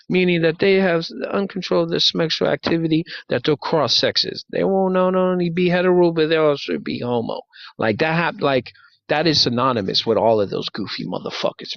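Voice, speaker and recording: A man's voice: fairly high pitch, vocal fry, no echo, lo-fi sound. A man hosting a casual debate chat, laughing often and lecturing with profanity. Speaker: host.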